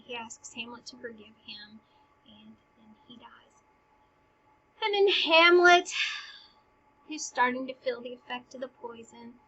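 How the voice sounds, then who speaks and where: Breathy woman casually retelling a play. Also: on the high side, poor audio. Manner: casual, slangy, drops into soft whispers. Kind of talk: casual scene summary with read quotes.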